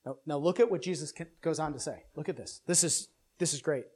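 Here a man preaches an expository sermon briskly and earnestly, with frequent restarts and repeated words. Pressing a point, he grows louder and higher.

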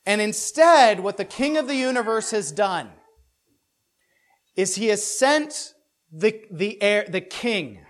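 A man's voice: high-pitched, animated, takes it slowly. A man giving a conversational Bible lesson who keeps asking "right?", adds joking asides and repeats words as he thinks aloud. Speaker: pastor or Bible teacher.

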